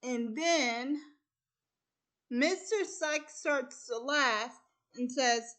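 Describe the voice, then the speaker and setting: A woman retelling a film plot in a casual chat, halting and stringing events together with repeated "and then.". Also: sits high, a bit bright.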